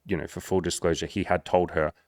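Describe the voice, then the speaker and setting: A man who works as a social skills coach talks straight to camera, blunt and profane, telling stories in an animated way. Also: deep voice, a little fast, no echo, studio quality. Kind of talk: direct-to-camera monologue.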